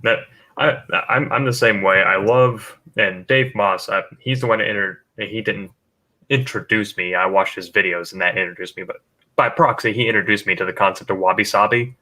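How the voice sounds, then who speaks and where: Bright-voiced joking man hosting a livestream. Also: fairly low pitch, moderate pace. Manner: jokey, slips into silly voices, reads chat comments aloud. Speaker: livestream host. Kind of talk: casual livestream chat.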